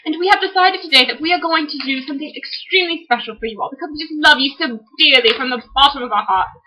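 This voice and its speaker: High bright woman, hammy fake British accent. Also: fast, lo-fi sound. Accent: put-on British accent. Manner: theatrical, overly sweet and formal. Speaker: vlog host, author.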